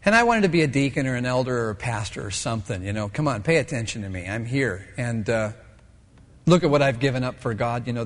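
A middle-aged male pastor preaching a sermon with animated storytelling, acting out voices and quotes. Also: a little high, long reverb tail.

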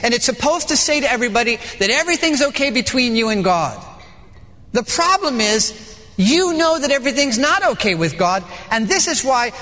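A man's voice: extremely high pitch, bright, forceful tone. A male pastor preaching a sermon in a church, dramatic and emphatic, moving from storytelling into intense exhortation. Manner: dramatic, swings between playful story voices and intense preaching. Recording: long reverb of a large hall.

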